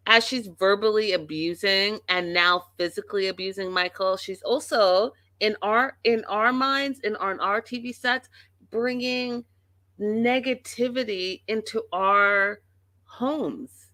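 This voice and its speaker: A woman's voice: medium pitch, a little slow, sharp tone, dry recording. A woman hosting a casual reality TV recap, talking bluntly and emphatically with plenty of profanity. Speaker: show host.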